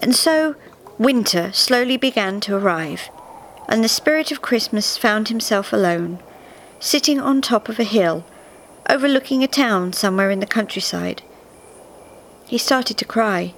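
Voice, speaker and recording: A woman storyteller giving an expressive, measured live reading of a festive tale in a theatre. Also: a little high, slight background noise, low-quality recording.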